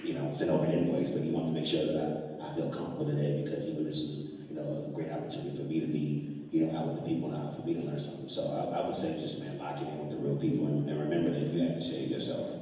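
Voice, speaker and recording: A man speaking on a panel in an earnest, streetwise way about coping with dark moods. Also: rumbling low, flat delivery, rapid-fire, a little hiss or hum. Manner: earnest, streetwise, addresses listeners as bro. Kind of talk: candid panel talk. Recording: echoey hall from far off.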